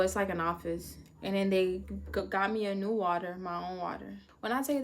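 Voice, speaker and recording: A woman chatting straight to camera in a casual storytime vlog. She is animated, jumps into sudden high-pitched bursts as she acts out the scenes, and laughs along the way. Her voice sits at an ordinary middle pitch for a woman. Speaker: vlogger telling a personal story.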